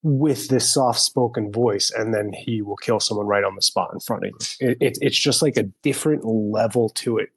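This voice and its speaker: Gravelly, husky man chatting about movies. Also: lowish voice, normal speed, hardly any pauses, no echo, poor audio. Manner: enthusiastic, acts out scenes. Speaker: podcast co-host. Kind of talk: casual movie-discussion chat.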